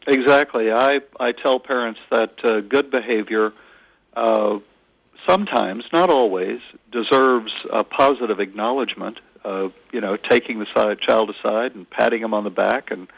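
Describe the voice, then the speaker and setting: A man who is a parenting author, answering interview questions earnestly and in a measured way, with frequent hesitations. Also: on the low side, gravelly, breathy edge, no room sound, low-quality recording.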